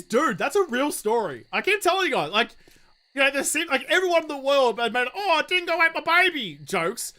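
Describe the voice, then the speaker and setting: A man's voice: very high-pitched, bright, forceful tone. A young man chatting casually while streaming a game, swearing freely and answering viewer questions. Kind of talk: casual live-stream chat while gaming.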